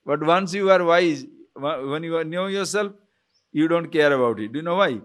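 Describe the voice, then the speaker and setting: A man giving a spiritual lecture on scripture, who keeps asking his listeners rhetorical questions, chuckles often and slowly chants Sanskrit phrases. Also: on the high side. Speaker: spiritual teacher.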